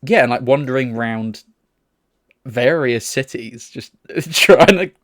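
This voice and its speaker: A man's voice: mid-range voice, animated, slow, no echo. Male co-host from England, casual anecdotal delivery, swears, dry sound. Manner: chatty anecdotes with swearing and laughter. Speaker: podcast co-host. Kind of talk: casual chat.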